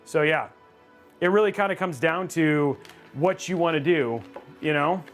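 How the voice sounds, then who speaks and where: A man hosting a live stream while building a gaming PC, chatting casually with viewers and breaking into loud mock-rage outbursts. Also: a little high, a little slow, soft background music. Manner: excitable, reads chat aloud, loud outbursts of mock rage. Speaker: livestream host building a gaming PC.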